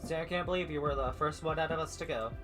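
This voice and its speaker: A man streams a story game and reads all of its dialogue and narration out loud, pitched a little higher than most men. He stumbles over words from time to time and stops to comment on his own slips. Quiet music from the game plays behind him. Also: fast talker. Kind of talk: reading a visual novel aloud on a live stream.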